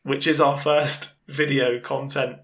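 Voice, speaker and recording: Male podcast host, bright voice, banter-heavy and quick to laugh. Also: medium pitch, flat delivery, slight background noise. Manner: laughing, swearing, teasing.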